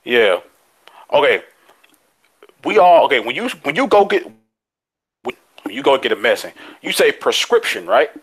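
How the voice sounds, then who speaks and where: A man co-hosting a casual podcast chat, excitable and quick to laugh, swearing freely as he rants. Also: mid-range voice, husky, rough recording. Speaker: podcast co-host.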